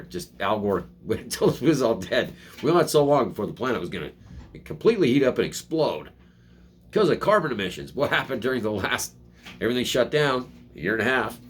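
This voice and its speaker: A man's voice: on the low side, a little hiss or hum. A man hosting a casual political commentary, reading headlines and ranting sarcastically from home, with frequent restarts. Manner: sarcastic, rambling, mocking voices in quotes.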